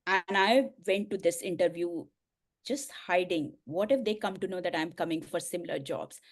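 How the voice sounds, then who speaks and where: A woman's voice: on the low side, moderate pace. Earnest middle-aged woman telling her story. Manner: earnest, emotional storytelling with soft laughs. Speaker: guest, coach and speaker. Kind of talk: personal story in an interview.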